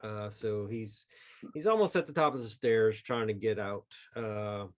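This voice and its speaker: A man serving as game master, running a tabletop game at an unhurried pace with many pauses and fillers. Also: lowish voice.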